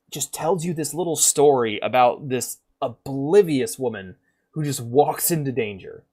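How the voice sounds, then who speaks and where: A man streaming games who talks in a rambling, profane, animated way and acts out game characters as he goes. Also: on the high side, a little fast. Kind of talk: casual gaming commentary.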